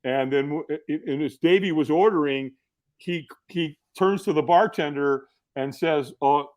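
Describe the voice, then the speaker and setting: A middle-aged man telling stories as a podcast guest, in a casual, animated way full of fillers and restarts. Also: fairly high pitch, moderate pace. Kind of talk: casual storytelling.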